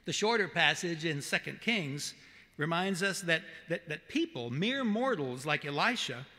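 A man with a Southern accent preaching a sermon as the pastor, earnest and measured, with emphatic repetition. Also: a little high, lively intonation, sharp tone. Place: church sanctuary. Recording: long church reverb.

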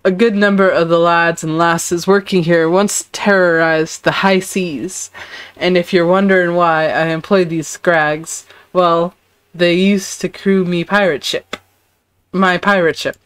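A woman voicing a weathered old male ex-pirate who now keeps an orchard, reading game dialogue aloud in a low, dry voice. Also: fairly even intonation, measured pace, clear, resonant tone, no room sound, lightly acted. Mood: gruff.

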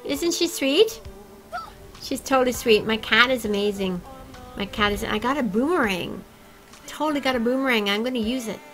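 A woman chatting casually and excitably with her viewers while she plays a game on a livestream. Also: fairly high pitch, normal speed, soft background music, low-quality recording. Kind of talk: casual gaming livestream chat.

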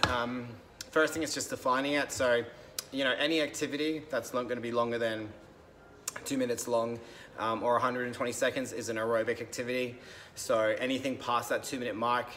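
A young man talks through a fitness idea in a relaxed, unscripted way, pausing on ums and restarting his sentences. His voice sits at an ordinary middle pitch. A faint hiss of noise stays under the recording. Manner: loose and conversational, many ums and restarts. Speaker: fitness coach. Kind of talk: casual explanatory talk to camera.

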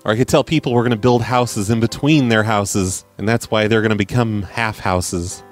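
A man's voice: on the low side, steady tone, normal speed, soft background music. A man who hosts a prank-call podcast, chatting casually and sarcastically. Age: adult with a child. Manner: sarcastic, offhand, joking.

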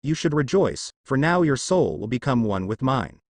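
Man narrator putting on a dying villain, power-hungry, gasping, slow, dry sound. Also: medium pitch, very animated, no room sound. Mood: menacing. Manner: slow, gasping and menacing delivery.

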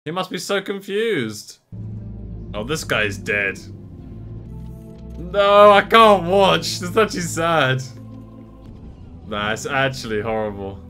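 A young man reacting to a film, excitable and laughing often, talking casually over the scenes. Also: fairly high pitch. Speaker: movie reaction host. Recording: film soundtrack playing behind.

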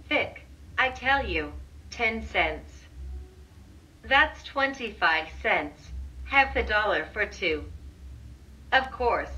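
A woman's voice: medium pitch, sharp tone, recorded from a distance, pitched below the performer's own voice, poor audio. A woman voicing a generous, eager young boy in a storybook reading.

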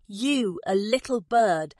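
A woman voicing a big, selfish, cruel male elephant who talks loud and dismissive. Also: mid-range voice, lively intonation, slow pace, no room sound, studio quality. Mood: scornful.

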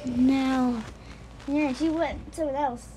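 A woman's voice: high-pitched, steady tone, slow pace, dark tone, slight background noise. A woman doing casual, homemade cartoon voice acting in a chatty, hesitant way. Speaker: amateur animator voicing a cartoon.

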